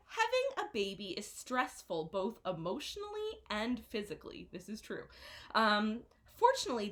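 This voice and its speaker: A young adult woman teaching English vocabulary at a classroom whiteboard, explaining words slowly and modeling their pronunciation again and again. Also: a little high, fairly bright tone. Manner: slow, careful explanations with repeated modeled pronunciations. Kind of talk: vocabulary lesson.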